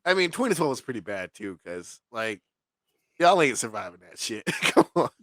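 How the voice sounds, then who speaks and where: Very animated and a bit bright, a man's mid-range voice moves at normal speed in clean studio audio with no room sound. He's co-hosting a podcast, casually reviewing movies while laughing often and swearing freely.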